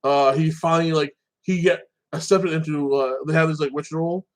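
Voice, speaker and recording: A man with a fairly high-pitched voice recaps the latest episodes of his shows. He talks loosely and rambles, leaning on filler phrases as he goes. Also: fairly even intonation, moderate pace. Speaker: TV and anime reviewer.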